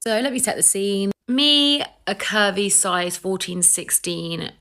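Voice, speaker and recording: A woman's voice: mid-range voice, expressive, unhurried, pushed and bright. A young woman with a British accent, telling a personal story in a chatty vlog. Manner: chatty storytelling with acted-out quotes.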